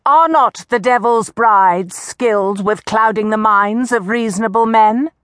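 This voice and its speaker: A woman's voice: on the high side, a little slow, fairly bright tone, no echo, pitched above the performer's own voice. Woman doing a sarcastic defiant young heroine. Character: sharp-tongued sarcastic young woman bound at the stake.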